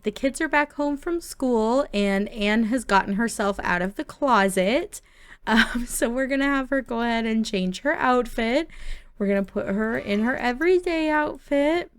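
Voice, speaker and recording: A woman's voice: a little high, smooth. A woman hosting a gaming channel, chatting casually and reacting aloud as she narrates her gameplay.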